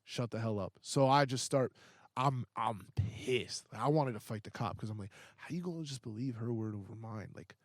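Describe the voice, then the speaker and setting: A man's voice: medium pitch, normal speed, no room sound. Young man, podcast guest, casual swearing storyteller, dry close sound. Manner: animated, profane, filler-heavy retelling.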